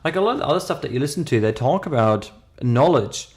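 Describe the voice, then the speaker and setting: A co-host in his thirties with a foreign accent tells a story on a casual podcast, stressing points and often restarting. He's a fast talker with a medium-pitched, darkish voice and lively intonation.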